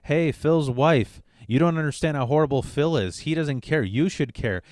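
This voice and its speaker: A man's voice: a little high, normal speed, a little mellow, no echo, clean studio sound, natural voice. A man mimicking a spiteful, self-pitying older mother. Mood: mocking.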